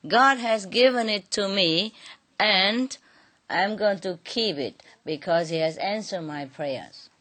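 A woman's voice: medium pitch, a bit bright. A woman voicing a sly, mock-innocent trickster mullah who teases and scoffs in a told folk tale. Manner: teasing, mock-innocent, drawn-out.

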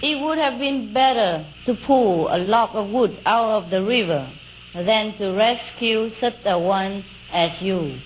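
A woman voicing a noble male golden deer in a folk tale, speaking in a measured, dignified way. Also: mid-range voice, slight background noise, natural voice, rough recording.

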